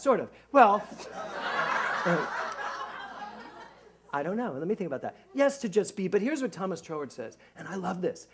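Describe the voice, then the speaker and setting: A middle-aged man, a minister, giving a conversational sermon to a congregation, animated and joking at his own expense. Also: high voice, noisy background. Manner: animated, jokey, self-mocking. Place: church service before a congregation.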